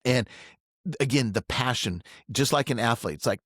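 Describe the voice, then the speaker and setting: A man's voice: mid-range voice, normal speed, no room sound, clean studio sound. A middle-aged man and financial advisor tells a personal story in casual conversation, acting out the dialogue as he goes. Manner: animated, acts out quoted dialogue. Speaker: financial advisor, podcast guest.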